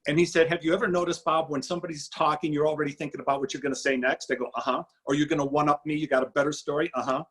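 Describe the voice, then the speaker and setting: A middle-aged man telling his story in an interview, animated and acting out quoted dialogue. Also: on the high side, very fast, hardly any pauses, breathy edge, poor audio. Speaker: guest speaker.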